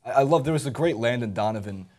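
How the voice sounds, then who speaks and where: A man's voice: mid-range voice, animated, quick pace, darkish tone. A man co-hosting a casual sports chat, giving joking, offhand opinions on the players. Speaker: sports show co-host.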